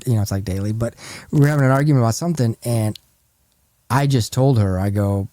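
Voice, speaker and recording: A man hosting a casual podcast chat, an animated storyteller who acts out quoted lines. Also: mid-range voice, quick pace, dry recording. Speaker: podcast host.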